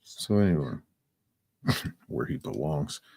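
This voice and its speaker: A man's voice: extremely low pitch, animated, takes it slowly, gravelly, darkish tone, husky, no room sound. A man hosting a casual opinion chat, blunt, profane and combative. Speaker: podcast host.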